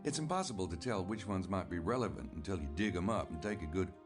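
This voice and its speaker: A wry private investigator in a video game, talking in a low, easy drawl that swings widely up and down. Music plays clearly behind him as he pokes and jokes. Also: lively intonation, quick pace. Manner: drawling, sardonic, easygoing.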